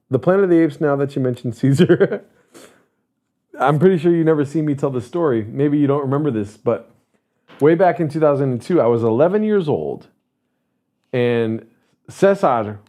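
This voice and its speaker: A man's voice: on the high side, darkish tone. Rambling, cussing man telling a story. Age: 30s. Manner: rambling, profane, self-interrupting. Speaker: streamer host. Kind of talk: casual storytelling to a live chat.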